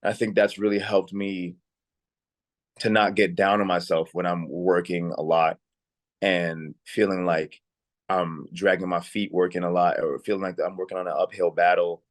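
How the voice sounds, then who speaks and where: Guy talking easy in an interview, kinda deep voice, keeps restarting sentences. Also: moderate pace, no echo. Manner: relaxed and chatty, frequent "like" and restarts. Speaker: actor, interview guest. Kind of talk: casual interview storytelling.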